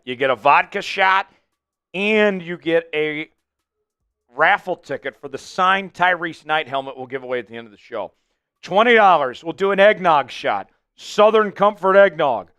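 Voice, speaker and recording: A man hosting a live fan stream of a football game, chatting with viewers and calling plays with excited hype. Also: fairly high pitch, clear, resonant tone, dry recording. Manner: excitable, hypes up chat viewers. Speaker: fan livestream host. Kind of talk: live game watch-along chat.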